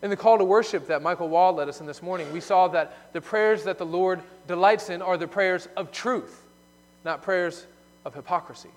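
A man preaching a sermon, explaining a scripture passage and moving between emphatic loud points and quiet asides. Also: high voice, normal speed. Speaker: pastor. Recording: long hall reverb.

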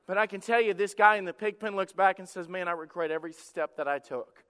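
A pastor delivers a sermon in a church sanctuary, talking fast with hardly any pauses. His voice is high, bright, and clean, shifting from quiet intimacy to loud fervor, with long hall reverb following each phrase.

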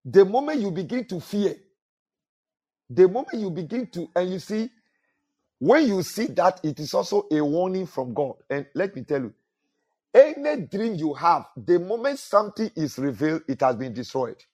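A man's voice: sits high, very animated, moderate pace, darkish tone, breathy edge. A male pastor preaching a sermon, repeating phrases and asking the congregation to fill in words. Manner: repetitive preaching with call-and-response questions to the congregation.

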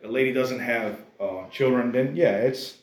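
A man preaching a sermon to a congregation in a conversational, animated way, often calling the listeners "guys". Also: mid-range voice, moderate pace, echoey room. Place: church service.

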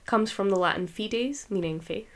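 A woman's voice: medium pitch, normal speed. A Scottish woman co-hosting a podcast, chatting casually with lots of fillers. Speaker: podcast co-host.

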